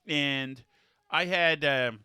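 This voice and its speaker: A man's voice: a little high, very slow, sharp tone, clean tone, no room sound, clean studio sound. A man hosting a podcast in casual chat, rambling with many fillers and restarts, blunt and mocking. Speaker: podcast host.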